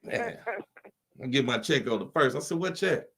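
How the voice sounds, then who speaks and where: A man's voice: mid-range voice, expressive, normal speed, a little hiss or hum. A man co-hosting a podcast, trading profane comic stories and laughing often. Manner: profane, loud laughing, storytelling. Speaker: podcast co-host. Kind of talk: raunchy comedic banter.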